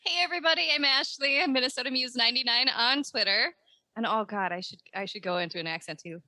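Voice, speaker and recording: A woman chatting brightly as she introduces her tabletop character. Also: on the high side, fast, no echo. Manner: bubbly, chatty. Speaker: player.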